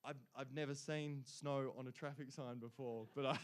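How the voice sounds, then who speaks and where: A man's voice: mid-range voice, fairly even intonation, normal speed. A man announcing award winners at a live ceremony, cheering them on and adding chatty asides between names.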